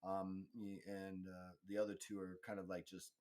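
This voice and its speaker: A man's voice: sits low, completely flat delivery, normal speed, darkish tone. A man narrating as game master of a tabletop role-playing game, rambling with many fillers and restarts.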